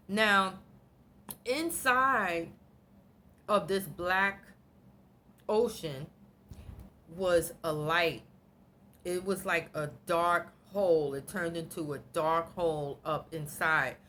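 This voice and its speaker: A middle-aged woman vlogger telling a personal story in an animated, blunt way, swearing freely. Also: fairly low pitch, takes it slowly, pauses often, slight background noise. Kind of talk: emotional storytelling.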